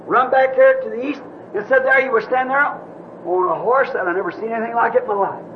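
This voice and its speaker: A man with a very high voice preaches, retelling a story in a folksy, rambling way. The sound is dull and muffled like an old tape, with a faint hiss underneath. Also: fast. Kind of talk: sermon storytelling.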